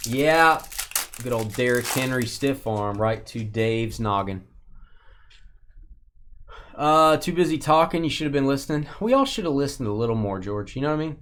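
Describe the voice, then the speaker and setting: A man's voice: medium pitch, fairly bright tone. A man hosting a live-stream sports card break, calling out cards and teasing his crew in joking banter.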